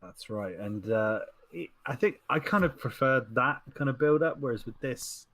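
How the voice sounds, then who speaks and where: A man's voice: medium pitch, lively intonation, normal speed, fairly bright tone, dry recording. A man co-hosting a casual podcast, rambling and digressing, often laughing. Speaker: podcast co-host. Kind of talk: casual chat.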